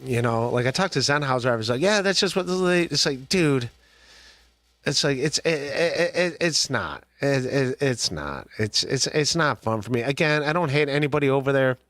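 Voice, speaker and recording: A man's voice: medium pitch, animated, moderate pace, fairly bright tone, dry recording. A man hosting a podcast, chatting casually and rambling with frequent laughs and restarts. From Ohio. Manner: rambling, laughs often, many restarts and fillers. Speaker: podcast host. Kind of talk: casual rambling livestream chat.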